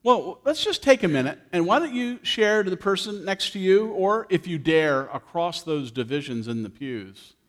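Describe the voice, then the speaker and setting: Man, pastor, sermon in church, animated and playful, very lively pitch, slightly high voice. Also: normal speed, hardly any pauses.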